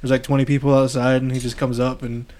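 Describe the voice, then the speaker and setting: A man's voice: mid-range voice, little pitch movement, fast talker, a little mellow. Profane storytelling man on a podcast. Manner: storytelling, profane, hedging with "allegedly". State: high on cannabis. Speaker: podcast co-host. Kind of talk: casual chat.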